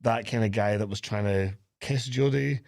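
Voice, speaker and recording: Animated man recapping a film. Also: fairly low pitch, moderate pace, gravelly, no room sound, clean studio sound. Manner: animated retelling with acted-out quotes and laughter. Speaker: podcast co-host. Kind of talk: casual chat recapping a film.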